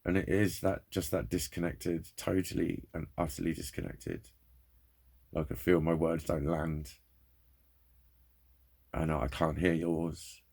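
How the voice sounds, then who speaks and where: A man's voice: deep voice, fairly even intonation, a little slow, gravelly, pauses often, a little mellow, slightly rough. A man in pain, talking in a rambling, frustrated monologue full of swearing. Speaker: vlogger. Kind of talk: candid personal monologue.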